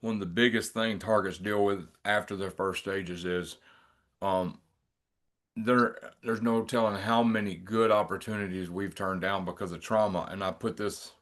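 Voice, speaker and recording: Male interviewer, lowish voice, earnest and reflective, casual delivery. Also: steady tone, moderate pace, fairly bright tone. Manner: reflective, earnest talk with fillers.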